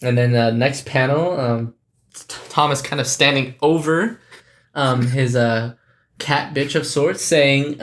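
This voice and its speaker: Male co-host, casual podcast banter, halting and rambling delivery. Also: medium pitch, expressive, a bit bright. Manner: rambling, hesitant, many fillers and restarts. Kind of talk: casual chat.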